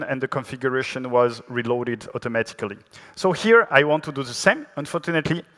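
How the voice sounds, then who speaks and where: A man's voice: mid-range voice, fairly bright tone. A man with a French accent giving a technical conference talk in a chatty, self-deprecating way, full of fillers and restarts. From France. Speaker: conference speaker. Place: large conference hall. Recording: long hall reverb.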